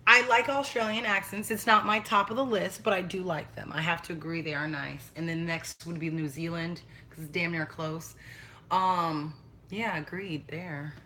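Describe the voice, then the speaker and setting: A woman's voice: on the low side, steady tone, normal speed, sharp tone. A young woman chatting casually and bluntly on a livestream, swearing freely. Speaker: vlogger.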